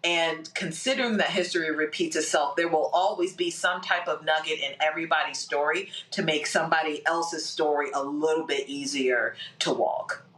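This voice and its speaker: A woman with a bright, clear-edged voice speaks on a panel, thinking aloud as she goes. She circles back over her words with fillers and repeats. Her voice rings in a noticeably echoey room. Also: low voice, moderate pace, few pauses, far from the mic. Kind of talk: casual panel discussion. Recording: roomy echo.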